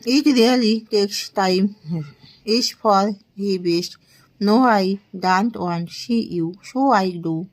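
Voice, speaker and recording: Woman in her 20s reading drill sentences, slow and careful, one at a time. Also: mid-range voice, poor audio. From India. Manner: slow, deliberate reading of short sentences with small laughs. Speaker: English tutor.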